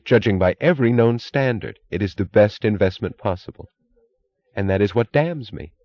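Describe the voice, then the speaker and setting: With expressive delivery at a moderate pace, a deep-voiced man takes on the lines of a determined woman who runs a railroad, pleading in precise, restrained terms. His tone is darkish, and the recording sounds dull and dry.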